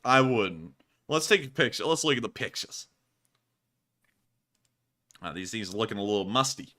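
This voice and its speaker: A man's voice: fairly low pitch, animated, normal speed, bright, forceful tone. A man hosting a casual live stream, joking around, laughing often and repeating his phrases as he reacts to viewer messages. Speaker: show host reading viewer messages.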